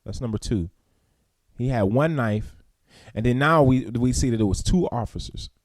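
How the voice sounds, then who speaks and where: A man's voice: lively intonation, normal speed, no echo, studio quality. Impassioned male morning show host. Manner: preacherly, emphatic, rising to loud peaks then dropping low. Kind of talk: impassioned commentary and news reading.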